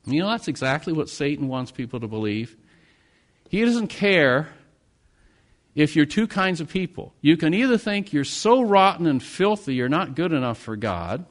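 A man's voice: a little high, lively intonation, normal speed. Dramatic male pastor telling a story. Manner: dramatic storyteller, swings from hushed to loud. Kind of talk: sermon storytelling.

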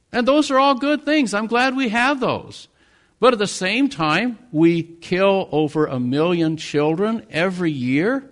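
A man from the United States delivering a sermon in a somewhat high voice. His preaching is earnest, swelling on key words and falling back to quieter, weightier phrases. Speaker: pastor.

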